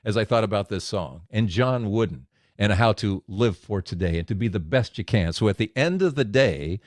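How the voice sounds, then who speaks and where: A man delivering a men's devotional message as a story, his pitch swinging widely as he acts out the scenes. The sound is dry and close, with no room echo. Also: normal speed. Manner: storytelling, animated with acted quotes.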